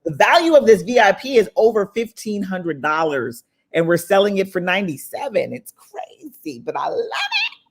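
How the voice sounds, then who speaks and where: Animated, affectionate woman hosting a live summit. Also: medium pitch, normal speed, slightly rough. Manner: animated, affectionate, motivational, calls listeners "baby" and "y'all". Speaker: summit host. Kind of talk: casual live-stream chat.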